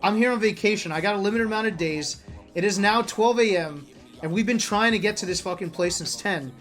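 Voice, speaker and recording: A man telling travel stories in a casual vlog, animated and profane, often laughing as he talks. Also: high voice, brisk, faint music behind. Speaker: esports player vlogger. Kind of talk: casual storytelling monologue.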